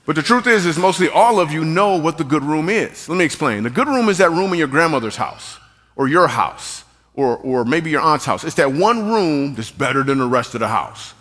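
Male church speaker doing stand-up style, playful and teasing, bright tone, big reverberant room. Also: fairly high pitch, lively intonation, normal speed. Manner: playful, jokey, teasing the band. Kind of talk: humorous talk to a live church audience. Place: large church auditorium. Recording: long hall reverb.

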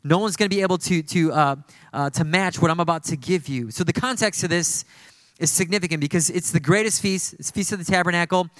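A male pastor delivers an emphatic, fervent sermon, often circling back to repeat his key phrases. His voice sits a little high for a man, and the sound is close and dry with no room echo. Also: a little fast, a bit bright.

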